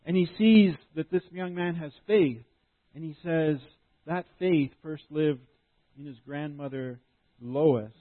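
Pastor with a thin, phone-like sound. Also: male voice, on the high side, dry recording. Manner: earnest, explanatory preaching with frequent restarts. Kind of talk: sermon. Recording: dry, tinny phone-like sound.

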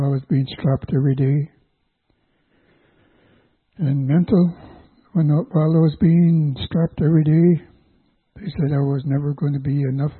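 An older man from Canada giving a personal testimony as a church guest, speaking haltingly with pauses and restarts. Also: medium pitch, husky, dry recording. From Canada, Vancouver Island. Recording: tinny phone-like dry recording.

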